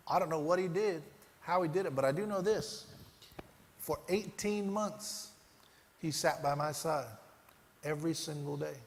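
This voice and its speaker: A man giving a motivational keynote, telling a personal story and swinging between loud bursts and hushed moments. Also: fairly high pitch, normal speed, pauses often. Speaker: keynote speaker. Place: large conference hall. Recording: echoey hall, faint ambience.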